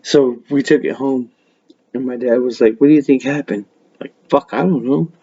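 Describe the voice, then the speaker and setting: Dude rambling about his dad and boats, cussing a lot, mellow voice, kinda muffled lo-fi audio. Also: medium pitch, fairly even intonation, moderate pace, breathy edge. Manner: profane, laughing, rambling storyteller. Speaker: podcast host. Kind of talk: casual storytelling. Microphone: webcam mic.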